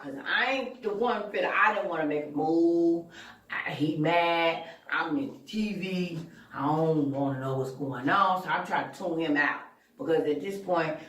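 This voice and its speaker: A woman's voice: low voice, fairly bright tone. A woman hosting her own channel, telling a personal story in a blunt, candid way with plenty of profanity. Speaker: channel host. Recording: echoey room, voice far from mic.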